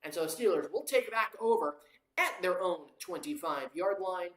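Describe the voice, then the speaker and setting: A home play-by-play caller narrates a live game to a watchalong audience in a casual, rambling way. Fillers and quick self-corrections run through the calls. The voice sits at a middling pitch and echoes around a roomy room. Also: expressive. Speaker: amateur play-by-play commentator.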